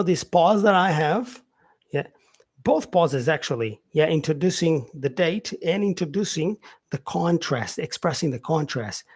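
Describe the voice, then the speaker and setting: A man teaching an English grammar lesson in a casual way, repeating example sentences and filling pauses with "yeah" and "um". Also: mid-range voice, breathy edge.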